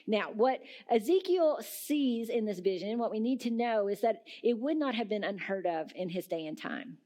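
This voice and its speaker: A woman's voice: a little high, expressive, moderate pace, mellow. A woman pastor giving a sermon in a conversational tone, with occasional fillers and questions to the congregation. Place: church sanctuary.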